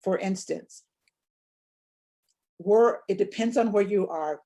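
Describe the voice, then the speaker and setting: A woman's voice: mid-range voice, takes it slowly, warm tone. A woman leading a preaching workshop, teaching sermon delivery in a reflective way and posing rhetorical questions.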